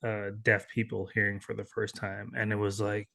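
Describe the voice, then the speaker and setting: A man's voice: lowish voice, monotone, normal speed, gravelly, sharp tone. A man co-hosting a podcast, telling anecdotes casually with lots of hesitations. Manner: hesitant, filler-heavy storytelling. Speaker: podcast co-host.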